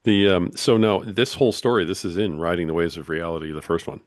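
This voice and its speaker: A man's voice: low-pitched, fast talker, no echo, studio quality. A man hosting a podcast interview, easygoing and teasing, often laughing along with his guest. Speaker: podcast host. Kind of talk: casual interview.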